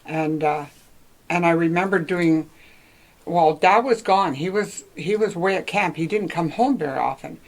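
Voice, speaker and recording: A woman's voice: on the low side, normal speed, poor audio. A woman in her seventies from northwestern Ontario, reminiscing in a casual oral-history interview and often laughing as she rambles. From northwestern Ontario, Canada.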